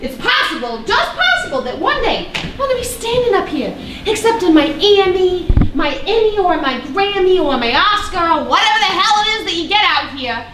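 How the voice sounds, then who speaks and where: An actress playing a feisty sixteen-year-old daughter on a live stage, sarcastic and scornful with rapid outbursts. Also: female voice, very high voice, big pitch swings, a bit bright, a little hiss or hum, exaggerated voice. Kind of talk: live stage play acting. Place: theater stage. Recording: echoey stage from far off, faint ambience.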